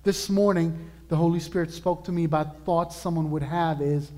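A man preaching a sermon as pastor, earnest and emphatic, slowing down to stress key words. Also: a little high, fairly even intonation, darkish tone, in a large hall. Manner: earnest, emphatic preaching with slow drawn-out lists.

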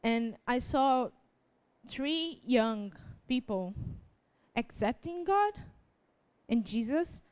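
Tearful young woman giving a halting testimony. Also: a little high, lively intonation, a little mellow, smooth. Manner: halting, restarts often, laughs through tears. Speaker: youth preacher. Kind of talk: emotional testimony sermon.

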